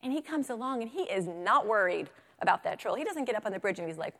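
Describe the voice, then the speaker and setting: A woman giving a lively workshop to teachers, reading picture books aloud and checking in often with her audience. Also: mid-range voice, fast, vocal fry, in a large hall. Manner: animated, chatty, checks in with "right?". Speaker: literacy workshop presenter for teachers.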